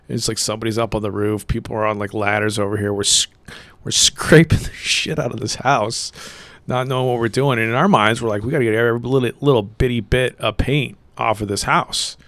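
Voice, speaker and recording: A middle-aged man co-hosting a podcast, rambling through profane stories with laughs, getting loud when he quotes people. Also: fairly low pitch, steady tone, a little fast, no room sound. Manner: rambling, profane, laughs mid-story, swings loud when quoting the angry coach. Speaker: podcast co-host. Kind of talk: casual storytelling chat.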